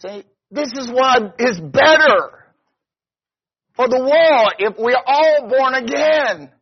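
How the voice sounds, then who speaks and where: A man's voice: very high-pitched, expressive, slow, slightly rough. A man preaching a conversational sermon as pastor, often stopping to ask "see?". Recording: dull lo-fi recording.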